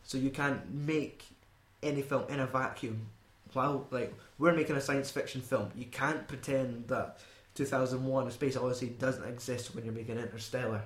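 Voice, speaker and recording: A Scottish man talking loosely about a film, with rambling, sweary asides and frequent laughter. His voice sits at a middling pitch. It carries a noticeable room echo. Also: steady tone, moderate pace, few pauses. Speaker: podcast co-host. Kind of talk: casual film chat.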